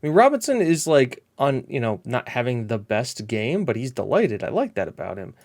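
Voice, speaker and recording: Excitable man commentating a game. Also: mid-range voice, moderate pace. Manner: chatty and rambling, excitable bursts at match action. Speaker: gameplay commentator. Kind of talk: casual let's-play commentary.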